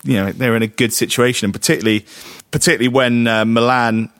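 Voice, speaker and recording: A man co-hosting a casual cricket podcast, talking in a halting way full of restarts and fillers. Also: mid-range voice, fairly even intonation, a bit bright, clean tone, no echo, studio quality. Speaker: podcast co-host.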